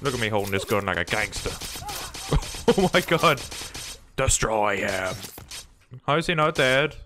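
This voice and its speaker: A young man doing let's play commentary on a game, frantic and swearing, yelling at the game as he plays. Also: mid-range voice, expressive, measured pace, slight background noise. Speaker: gaming video host.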